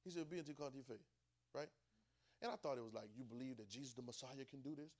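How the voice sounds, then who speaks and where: Dialect-speaking preacher swinging from soft to loud. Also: male voice, mid-range voice, very fast. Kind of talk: sermon.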